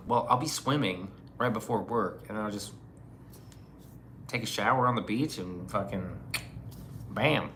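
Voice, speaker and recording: A man's voice: lowish voice, unhurried, pauses often, a bit bright. A man chatting casually on a livestream, laid-back and drawling, swearing freely as he reads chat. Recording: faint background noise.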